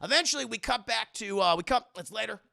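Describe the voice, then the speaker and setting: A man casually recapping a movie on a live stream, excitable and swearing as he talks to his chat. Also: sits high, quick pace, vocal fry.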